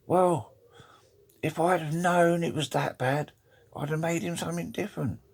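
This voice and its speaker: A man's voice: a little high, fairly even intonation, normal speed, gravelly, voice pushed up. A man voicing a regretful English widow in a raised voice.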